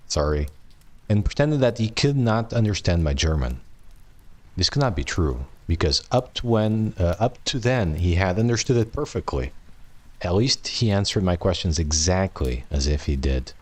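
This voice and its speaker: A man's voice: deep voice, a little mellow. A man casually reading a novel aloud on a live stream, tripping over long words and tossing in jokey asides.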